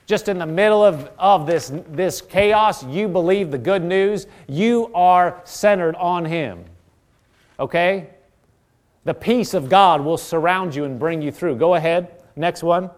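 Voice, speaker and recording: Guy preaching a sermon, high voice, earnest, keeps repeating himself. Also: measured pace. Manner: earnest, exhorting, repeats phrases and restarts often.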